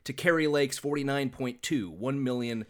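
A man's voice: mid-range voice, normal speed, a bit bright. A man co-hosting a podcast, chatting casually, laughing often and swearing freely. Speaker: podcast co-host. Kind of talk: casual chat.

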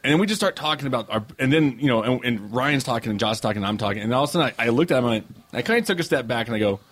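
A man's voice: medium pitch, expressive, rapid-fire, a bit bright. A young man on a podcast, telling a long anecdote in casual chat, swearing freely and acting out what people said. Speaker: podcast co-host.

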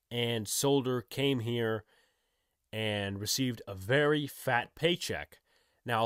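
A man's voice: mid-range voice, a bit bright, no room sound, studio quality. A man giving a casual opinion monologue on football, opinionated and exasperated, asking rhetorical questions. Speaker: sports commentator. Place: indoors, on camera.

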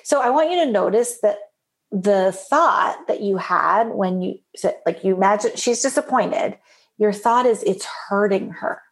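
A woman's voice: mid-range voice, measured pace. A woman coaching a client through a parenting worry, probing with questions and playfully voicing the client's thoughts. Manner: animated, playfully acts out the client's inner voice. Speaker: life coach. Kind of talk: coaching session.

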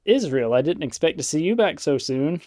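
A man voicing a huge old hermit who talks in a calm, matter-of-fact way. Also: fairly high pitch, moderate pace, no room sound, lightly acted. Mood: dry, calm.

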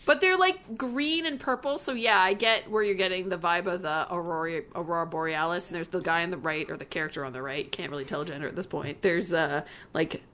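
A woman from Canada co-hosting a casual chat, excitable and laughing often, full of slang. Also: lowish voice, brisk, few pauses. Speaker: podcast co-host.

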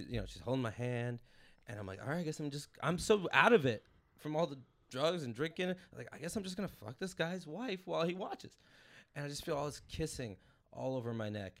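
Fast, bright-voiced man telling a wild story. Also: medium pitch. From Los Angeles. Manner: animated, rambling, laughs through his own story. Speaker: comedian and podcast host. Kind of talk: casual storytelling chat.

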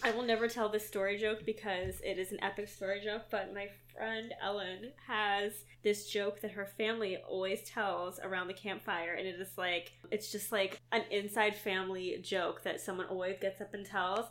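Bright, enthusiastic young woman co-host. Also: medium pitch, little pitch movement. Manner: enthusiastic, quick agreement. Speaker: podcast co-host. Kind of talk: casual book discussion.

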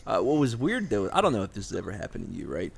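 Casual male comedian, gravelly, very expressive in pitch, rambling storyteller. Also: fast. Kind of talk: improvised comedy chat.

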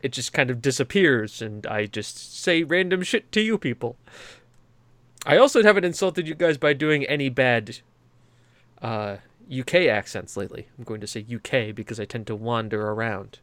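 A man's voice: mid-range voice, expressive, normal speed, fairly bright tone, dry recording. A man with a New England accent hosting a podcast in a rambling, profane casual chat with many stammered restarts. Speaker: podcast host.

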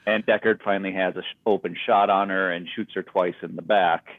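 A man with a very deep voice walks through a film's plot in a relaxed, chatty podcast manner. His audio is narrow and phone-like. The sound is dry and close. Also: brisk, no echo. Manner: relaxed, storytelling, recapping plot. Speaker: podcast co-host. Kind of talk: casual movie recap chat.

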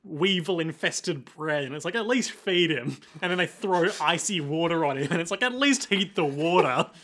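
Laughing man with a higher voice. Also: a bit bright, a little hiss or hum. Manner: laughs often, acts out characters in quick quips. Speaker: podcast co-host. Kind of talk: casual recap chat.

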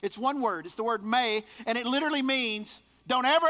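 A man's voice: extremely high pitch, animated, normal speed, hardly any pauses, sharp tone, big-room sound. A man preaching a sermon as pastor, emphatic and repeating words for stress.

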